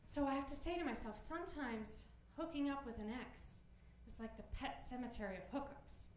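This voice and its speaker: A woman in her late twenties performing a stand-up comedy set, self-deprecating and given to loud excited bursts. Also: high-pitched, brisk, slight background noise. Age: late 20s. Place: comedy club stage before a live audience. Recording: roomy club sound, audience laughter.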